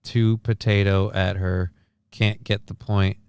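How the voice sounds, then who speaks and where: A man's voice: lowish voice, level tone, takes it slowly, darkish tone, smooth, no echo. Dry-voiced man hosting a live stream. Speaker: stream host. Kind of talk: casual live-stream chat, reading news and comments.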